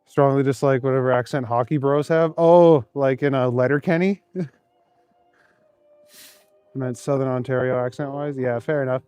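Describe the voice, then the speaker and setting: A man's voice: mid-range voice, steady tone, normal speed, long pauses, dark tone, clean tone, soft background music. A man streaming live while walking city streets at night, chatting with viewers and laughing often. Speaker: livestreamer. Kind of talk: casual livestream chat, answering viewers.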